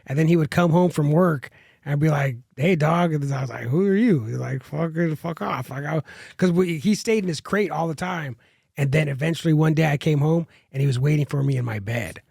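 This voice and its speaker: Gravelly, husky man telling a rambling story. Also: fairly high pitch, fairly quick, a little mellow, no room sound, studio quality. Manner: rambling, many restarts and fillers, swears freely. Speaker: guest comedian. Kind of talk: casual podcast storytelling.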